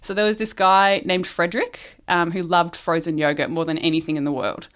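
A woman telling a long shaggy dog joke in casual chat. Her voice sits a little low, and she keeps giggling and wandering through her setup with ums and false starts. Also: fairly even intonation, a little fast, fairly bright tone. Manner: giggly, rambling, with many ums and restarts. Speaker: joke teller.

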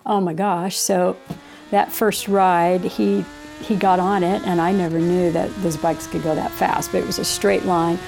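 A woman's voice: lowish voice, level tone, a little slow, gravelly, a little mellow, a little hiss or hum. A middle-aged woman telling a rambling personal story in a casual way, acting out quoted lines as she goes. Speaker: interviewee.

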